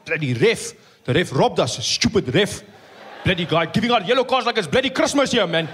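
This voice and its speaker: A man's voice: sits high, expressive, fairly quick, a bit bright, husky, exaggerated voice. A comedian voicing a grumpy male rugby fan with an Afrikaans accent, grumbling and swearing at the referee.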